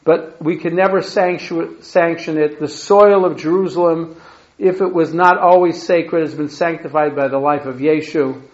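A man's fairly high voice gives a history lecture, reading long diary quotations aloud with frequent restarts and self-corrections. The sound is lo-fi and muffled, and the room around him is echoey. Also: steady tone, normal speed.

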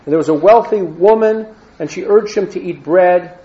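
A man's voice: high voice, moderate pace, warm tone. Man teaching scripture, lo-fi recording. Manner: reads verses then adds plain asides and Hebrew terms. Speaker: Torah teacher. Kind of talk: reading and explaining scripture. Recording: dull lo-fi recording.

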